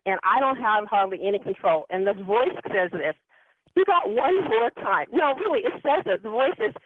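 A woman with a slightly high voice calls in to a radio show over a dry, tinny phone line with no room sound. She tells a personal story in a chatty, rambling way, full of ums and anyways.

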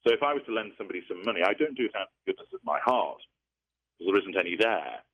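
A man explaining things in a measured, lecturing way during an interview, heard over a tinny phone-like line. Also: low voice, big pitch swings. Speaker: interview guest.

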